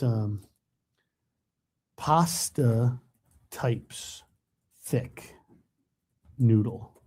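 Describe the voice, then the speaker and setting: A man's voice: medium pitch, mellow. Chatty New weatherman rambling. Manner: chatty, rambling, self-deprecating, with frequent fillers. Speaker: TV meteorologist hosting a live webcast. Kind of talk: casual livestream chat reading viewer comments.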